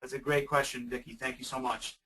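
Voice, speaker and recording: A man's voice: medium pitch, flat delivery, fairly quick, pushed and bright, husky, recorded from a distance, low-quality recording. A man presenting a webinar on weather safety for camps, answering audience questions in a conversational, emphatic way with frequent restarts.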